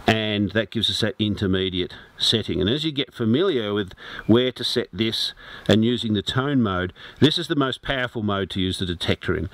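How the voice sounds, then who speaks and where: A man giving a steady, explanatory product demonstration, talking through each step as he sweeps over test targets. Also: lowish voice. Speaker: metal detector demonstrator. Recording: steady noise and detector beeps behind voice.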